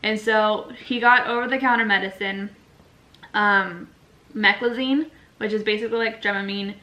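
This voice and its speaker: A young woman casually telling a story on her vlog with her partner, chatty and animated, acting out what people said. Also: mid-range voice, normal speed, low-quality recording. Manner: animated, chatty, acts out quotes.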